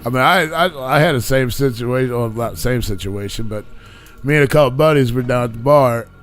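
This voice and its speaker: A man's voice: medium pitch, brisk, soft background music. A man co-hosting a podcast, telling a brash, profane story in casual chat. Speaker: podcast co-host.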